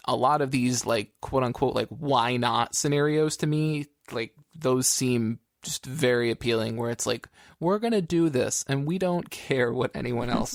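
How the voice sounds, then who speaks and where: Gravelly-voiced casual male podcast host. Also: mid-range voice, no echo, clean studio sound. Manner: chatty, laughing often, many "like" fillers.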